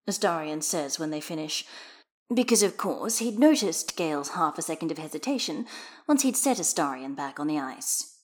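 A woman reading fan fiction aloud as narrator, in a lively, expressive manner. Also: deep voice, normal speed. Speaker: audiobook reader.

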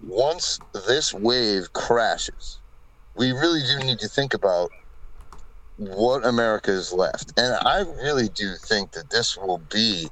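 A man's voice: on the low side, fairly bright tone, low-quality recording. A man co-hosting a podcast in casual chat, blunt, opinionated and profane. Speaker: podcast co-host.

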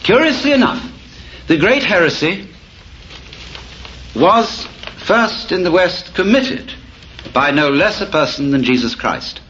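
A man's voice: sits high, big pitch swings, measured pace, pauses often, fairly bright tone. A middle-aged man giving a public lecture to an audience, wry and storytelling. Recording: dull lo-fi tape of a lecture with faint hiss.

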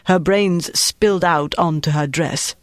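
A cold German officer, as a male narrator puts him on, barks clipped commands and interrogates without mercy. The voice sits slightly high and sounds dry and close. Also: a little slow, dry recording, close to an everyday voice.

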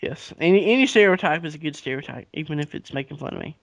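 A man's voice: a little high, animated, fast talker, gravelly, a bit bright, no room sound. A man, casually retelling history on a podcast with profanity and acted-out dialogue. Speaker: podcast co-host. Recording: dull lo-fi recording.

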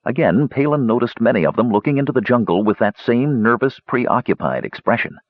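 A man narrating a fantasy story with expressive storytelling. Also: medium pitch, a little fast, dry recording. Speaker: audiobook narrator. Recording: dull lo-fi dry recording.

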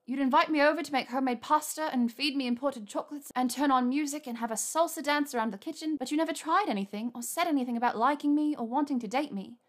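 A woman voicing a flustered, earnest young witch who talks in a rushed, nervous way. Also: sits high, pitched above the performer's own voice, close to an everyday voice.

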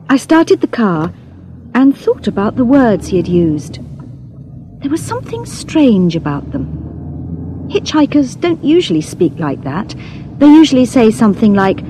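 A woman narrating a graded reader story with clear, careful storytelling. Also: fairly high pitch, very animated, unhurried, warm tone, slight background noise. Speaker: audiobook narrator.

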